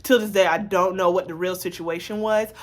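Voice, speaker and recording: A woman vlogger telling a personal story in a casual, animated way, full of asides to her viewers. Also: fairly low pitch, fairly quick.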